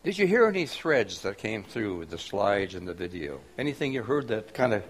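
A man's voice: fairly low pitch, very animated, brisk, breathy edge. A man giving a talk to an audience, asking them questions and explaining. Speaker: speaker.

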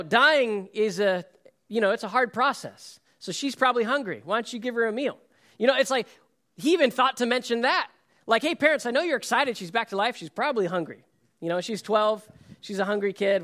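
Pastor guy reading scripture then preaching, earnest, kinda high voice, gets soft then punchy. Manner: earnest, drops soft and quiet on key phrases, builds to emphatic.

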